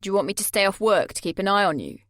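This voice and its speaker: A woman voicing a controlling young man who speaks softly and tenderly, with an unsettling possessive edge. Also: lively intonation, very fast, no echo, clean studio sound. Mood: concerned. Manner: soft, low, quietly possessive.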